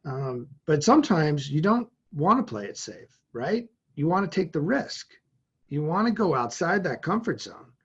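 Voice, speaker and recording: A man from Massachusetts, a podcast guest telling a personal story in a lively, vivid way. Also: a little high, moderate pace, husky. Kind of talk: storytelling in an interview. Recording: dull lo-fi sound.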